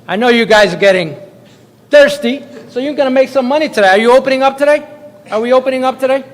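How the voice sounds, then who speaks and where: A man, a state representative, giving a jokey, effusive speech at a press event. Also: fast. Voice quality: high-pitched, booming, jokey and effusive. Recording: long hall reverb.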